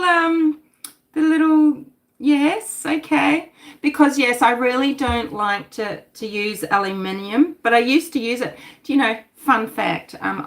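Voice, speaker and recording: A woman's voice: mid-range voice, vocal fry, fairly bright tone. A middle-aged woman, hosting a casual livestream, talking animatedly, swearing and reading out chat comments. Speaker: livestream host.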